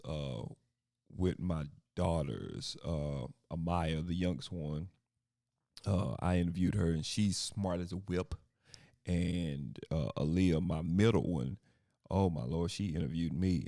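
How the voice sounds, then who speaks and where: A man in his thirties hosting a podcast in a loose, joking chat, often laughing and breaking into high voices to mock people. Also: gravelly, no echo, clean studio sound. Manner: animated, laughing, jumps into high mocking voices. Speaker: podcast host. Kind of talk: casual solo podcast chat.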